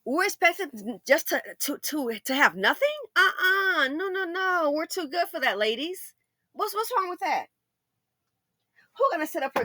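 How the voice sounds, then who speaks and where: A woman hosting a casual commentary monologue, animated and sassy, acting out imagined conversations in shifting voices. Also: extremely high pitch, unhurried, no room sound. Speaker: commentary channel host.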